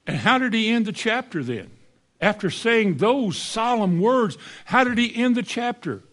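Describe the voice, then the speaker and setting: A man delivering a sermon in a somewhat high voice. He pushes his congregation with rhetorical questions, jumping up into high exclamations and then dropping to soft, low asides. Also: expressive, a little slow. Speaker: preacher.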